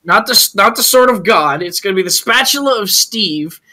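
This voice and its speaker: A man on a casual talk panel, excitable and jokey, rambling with many restarts. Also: high voice, moderate pace.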